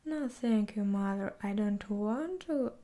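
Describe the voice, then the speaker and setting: A woman's voice: mid-range voice, expressive, slow, dark tone. A woman whispering as a sly little boy, whispered role-play. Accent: Russian. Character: small sly polite boy.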